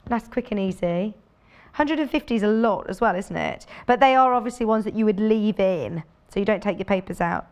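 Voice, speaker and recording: A woman's voice: mid-range voice, brisk, darkish tone, smooth. A woman presenting sewing products on a live shopping channel, chatty and enthusiastic, thinking aloud as she demonstrates. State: out of breath. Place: TV studio.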